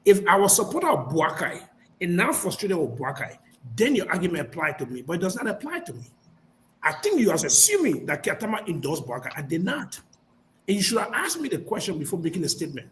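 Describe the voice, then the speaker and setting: A man's voice: high voice, huge pitch swings, quick pace, a bit bright, a little hiss or hum, low-quality recording. A man arguing defensively and insistently on a heated live panel show, repeating himself to make his point. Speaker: panel guest.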